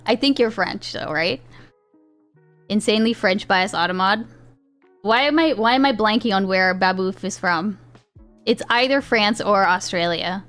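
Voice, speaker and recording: A woman's voice: mid-range voice, unhurried, long pauses, fairly bright tone. A woman livestreamer chatting casually with her chat, rambling, restarting sentences and laughing often. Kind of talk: casual live-stream chat. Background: faint chill background music.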